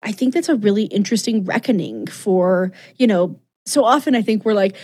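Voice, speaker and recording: Enthusiastic woman co-host, mid-pitched, chatty, fillers everywhere, gushes as she recaps. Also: very animated, fairly quick, a little mellow, husky. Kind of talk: casual chat retelling a story.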